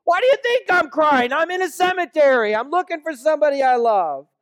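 A man's voice: extremely high pitch, lively intonation, brisk, a bit bright, voice pushed up. A man voicing a distraught, grieving woman who searches an empty tomb and bursts out in exasperated disbelief. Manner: exasperated, incredulous outbursts.

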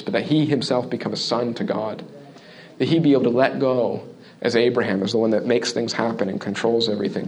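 A man preaching a sermon in an earnest, conversational way, often checking in with the listeners and dropping into quiet asides between louder points. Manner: shifts between loud emphasis and quiet, low asides. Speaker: pastor.

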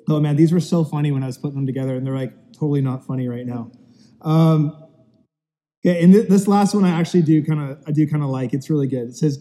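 Pastor guy, fairly high voice, joking around, big empty hall echo. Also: brisk, warm tone. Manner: chatty, telling dad jokes with self-deprecating asides. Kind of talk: casual sermon to an online audience. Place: empty church auditorium. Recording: long reverb of a large hall.

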